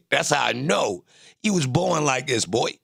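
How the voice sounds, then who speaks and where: A man's voice: mid-range voice, animated, a little slow, gravelly, a bit bright, husky, no room sound, studio quality. A young man from Baltimore with a Baltimore accent, talking casually to his livestream chat, boasting and trash-talking. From Baltimore, Maryland. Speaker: livestream host.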